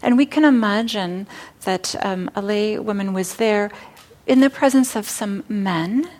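A woman speaks at a mid pitch, unhurried and gentle as she retells an old teaching story. She pauses often and fills gaps with small hesitations. The talk is recorded in a meditation center hall. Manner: warm storytelling, hesitant fillers.

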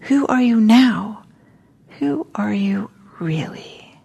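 A woman's voice: medium pitch, animated, slow pace, vocal fry, dark tone, breathy edge, voice pushed up, full character voice. A woman reading a poem aloud and voicing Fear, a playful, taunting male figure who teases with curt questions.

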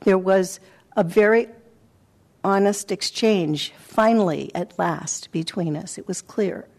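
A woman meditation teacher giving a dharma talk, telling a personal story in a reflective, halting way with soft pauses. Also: mid-range voice. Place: meditation center hall.

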